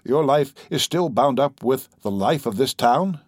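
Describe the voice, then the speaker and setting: A man's voice: mid-range voice, lively intonation, a little slow, dry recording, studio quality. A man reading the lines of a pompous college instructor with a heavy, self-important way of talking.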